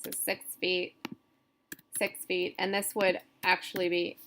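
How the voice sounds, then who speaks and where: A woman's voice: lowish voice, flat delivery, unhurried, fairly bright tone, a little hiss or hum. A woman instructor walking through poetry meter in a recorded lecture, explaining loosely with fillers and self-corrections.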